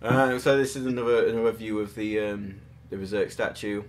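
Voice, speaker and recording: A man's voice: fairly low pitch, fairly even intonation, fairly quick, a little hiss or hum. A man hosting a casual chat about collectible statues, rambling and joking at his own expense. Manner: rambling, self-deprecating, jokey. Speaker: podcast host.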